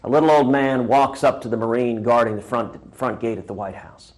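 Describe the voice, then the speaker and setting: A man's voice: medium pitch, a little fast. A man, a presidential candidate, giving a punchy speech-style holiday greeting and telling a joke. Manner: punchy, rhetorical, builds by repetition.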